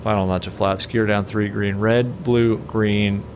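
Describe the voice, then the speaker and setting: A man's voice: fairly low pitch, flat delivery, unhurried, a little hiss or hum. A man giving chatty, self-mocking live commentary as a flight sim streamer, laughing often at himself.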